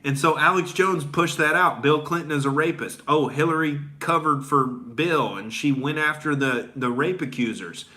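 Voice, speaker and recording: A man's voice: a little high, normal speed, few pauses, pushed and bright. A man hosting a comedy commentary show, ranting crudely and rambling with lots of filler words. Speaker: comedian host.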